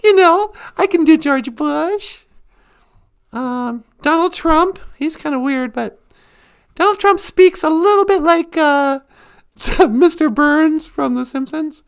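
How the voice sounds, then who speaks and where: A woman hosts a live stream of casual chat in a high voice, taking things slowly. She's animated and giggly, laughing often.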